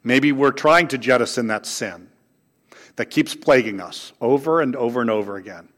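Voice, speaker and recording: A man preaching a sermon to his congregation, swinging between raised, emphatic lines and soft, low asides. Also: normal speed. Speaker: pastor. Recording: long hall reverb.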